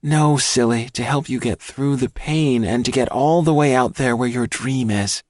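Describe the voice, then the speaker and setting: A man's voice: medium pitch, normal speed, a little mellow, no echo, clean studio sound, pitched above the performer's own voice, close to an everyday voice. A man voicing Lois, a serious young girl, in an audiobook reading. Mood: earnest. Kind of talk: audiobook character voice.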